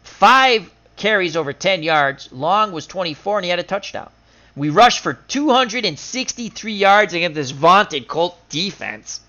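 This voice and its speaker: A man's voice: high-pitched, lively intonation, sharp tone. Chatty man recapping a game. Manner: chatty, recaps stats in quick lists, laughs at his own losses. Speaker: game streamer. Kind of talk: casual stream commentary. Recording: dull lo-fi sound.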